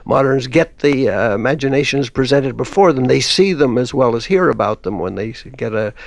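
A man with a gravelly, creaky voice talks as a guest scholar in a radio discussion. He halts often, with many fillers and restarts. The studio sound is dry and close. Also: medium pitch, expressive, fairly quick, no room sound. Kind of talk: academic discussion.

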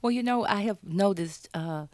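A woman talks about her novel in an interview, thoughtful and full of restarts. When the story heats up, she acts out her characters with lively swings in pitch. The sound is close and dry. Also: moderate pace, dry recording. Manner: animated storytelling, acting out her characters' lines. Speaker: author being interviewed.

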